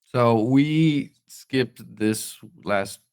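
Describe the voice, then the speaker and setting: A man's voice: mid-range voice, extremely slow, a little mellow, smooth. A man co-hosting a podcast, telling rambling stories with lots of fillers and laughs, still getting over being sick. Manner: rambling storyteller, laughs often, many fillers. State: recovering from illness. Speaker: podcast co-host. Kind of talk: casual chat.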